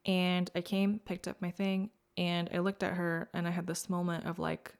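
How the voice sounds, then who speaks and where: Gravelly low-voiced woman podcast host. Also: steady tone, normal speed, few pauses. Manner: candid, searching, filler-heavy with frequent "like"; shifts between quiet, whispered asides and raised, emotional moments. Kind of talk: personal reflective podcast talk.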